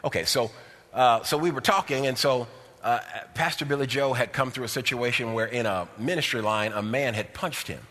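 A man's voice: medium pitch, normal speed, a bit bright, in a large hall. A man preaching a sermon, telling a story in a folksy way and pushing into fervent exhortation. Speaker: pastor.

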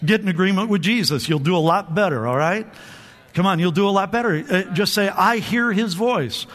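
A male pastor with a high, slightly bright voice and lively intonation talks fast through an energetic sermon in a church sanctuary. He urges the congregation to answer back and often repeats words as he restarts. A long hall reverb colors the recording.

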